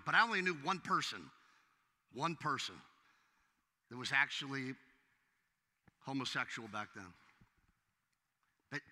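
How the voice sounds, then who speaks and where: Male pastor preaching, bright piercing tone, goes hushed then loud, long echo in the hall. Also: on the high side. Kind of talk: sermon.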